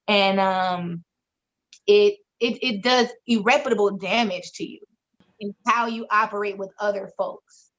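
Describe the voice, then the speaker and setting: In a slightly dull lo-fi recording, a thirty-something woman co-hosting a podcast talks a little slowly in a fairly bright, medium-pitched voice. Her story is painful and personal, and she tells it with raw frankness, emotion and plenty of swearing.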